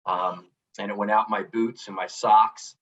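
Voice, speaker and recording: A middle-aged man speaks in a fairly low voice as a podcast guest, earnest and reflective, with frequent restarts. He sits away from the mic. The remote recording sounds dull. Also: steady tone, unhurried, fairly bright tone, far from the mic. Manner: earnest, reflective, many restarts and "you know". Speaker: podcast guest, author and coach. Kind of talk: candid storytelling interview.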